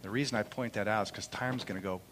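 A middle-aged man preaching a sermon in church, impassioned, moving between loud proclamation and soft, quiet storytelling. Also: on the low side, fast, slight background noise. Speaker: pastor. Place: church sanctuary during a service. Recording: long hall reverb.

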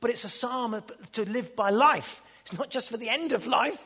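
A man preaching a sermon, swinging between loud ringing peaks and hushed low passages. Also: moderate pace, breathy edge, long reverb tail. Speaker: pastor. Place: church.

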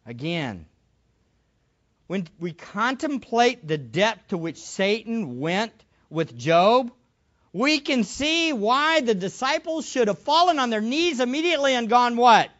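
Preacher, slow and deliberate, swooping intonation, rhetorical; church hall, lo-fi. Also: mid-range voice. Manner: animated, rhetorical questions. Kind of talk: sermon. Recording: dull lo-fi recording.

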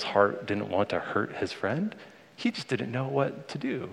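A man's voice: mid-range voice, sing-song, a little slow, gravelly. A man in his thirties preaching a sermon to his congregation, earnest and conversational, speaking to them directly. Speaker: pastor. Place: church sanctuary. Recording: long reverb of a large hall.

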